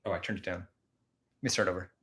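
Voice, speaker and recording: A man's voice: low voice, steady tone, a little fast, fairly bright tone. A man hosting a casual live stream, chatting and rambling, laughing often as he talks.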